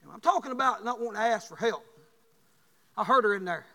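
A man preaching a sermon, telling folksy stories and rising to loud bursts. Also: high voice, expressive, fast, long reverb tail.

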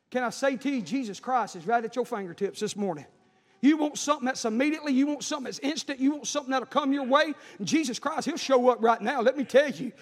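A man preaching a fiery sermon in a church, moving between shouted exhortation and folksy storytelling. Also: extremely high pitch. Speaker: pastor. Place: church sanctuary. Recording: echoey church hall.

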